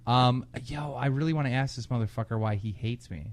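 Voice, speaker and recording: A man co-hosting a casual podcast, a bit tipsy, loud and laughing, telling stories with crude language. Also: mid-range voice, fairly quick. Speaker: podcast co-host. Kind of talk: casual drunk podcast chat.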